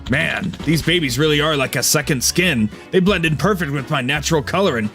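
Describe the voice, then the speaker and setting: A man's voice: fairly high pitch, lively intonation, a little fast, fairly bright tone, faint music behind, voice pushed up. A man putting on a swaggering New York yakuza boss. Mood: teasing. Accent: New York (put on). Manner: swaggering, profane, teasing. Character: brash crude male yakuza boss with a New York accent. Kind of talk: voicing game dialogue on a stream.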